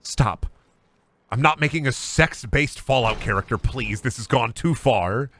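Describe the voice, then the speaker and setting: A man's voice: mid-range voice, measured pace, fairly bright tone, slight background noise. A man streaming a game, joking and swearing as he plays and answers chat, often laughing in exasperation. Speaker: gaming streamer. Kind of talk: livestream commentary while playing and reading chat.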